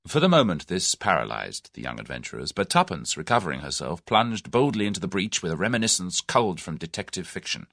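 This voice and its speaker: A man reads an audiobook in an expressive storytelling manner. His voice is deep and his intonation moves widely. The recording is dry and close. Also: brisk, gravelly, few pauses, no echo. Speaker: audiobook narrator. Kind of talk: scripted narration.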